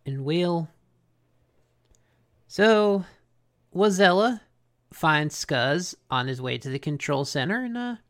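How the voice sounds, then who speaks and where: A man's voice: on the high side, expressive, slow, long pauses, fairly bright tone. A man co-hosting a podcast, recapping an old cartoon in a sarcastic, casual way. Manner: sarcastic, acts out characters while recapping. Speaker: podcast co-host.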